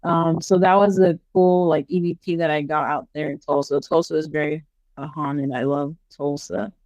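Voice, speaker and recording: A woman guest on a podcast, casually telling paranormal stories in a chatty, animated way full of fillers. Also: low voice, normal speed, no room sound, muffled recording. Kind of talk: casual storytelling interview.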